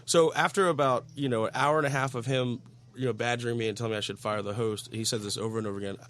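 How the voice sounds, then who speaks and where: A man, a bartender and regular on a podcast, telling an animated story in casual chat with frequent restarts. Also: medium pitch. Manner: animated, quick anecdotal delivery with restarts.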